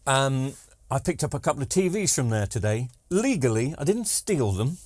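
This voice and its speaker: A man's voice: medium pitch, big pitch swings, moderate pace, no echo. Rambling man in a workshop. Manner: rambling, joking asides, many ums and restarts. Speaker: TV repair vlogger. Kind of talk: casual chatty workshop vlog.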